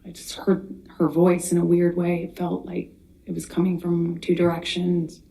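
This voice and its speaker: A woman in her thirties giving sworn testimony as a witness in a courtroom, speaking haltingly with frequent restarts. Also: lowish voice, completely flat delivery, creaky, dark tone. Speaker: trial witness.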